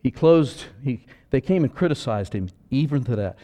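A man preaching a sermon as pastor, animated and acting out voices, moving between loud and soft. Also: medium pitch, moderate pace.

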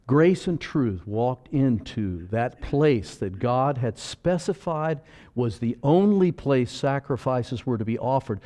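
A male pastor preaching a sermon, swinging between loud emphasis and soft asides, with joking comments along the way. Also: medium pitch.

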